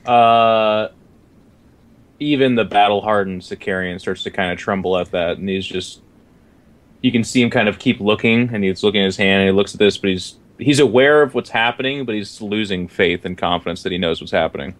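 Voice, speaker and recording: A man playing a tabletop game, describing his character in halting, stammering bursts with swearing. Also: fairly low pitch. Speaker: player.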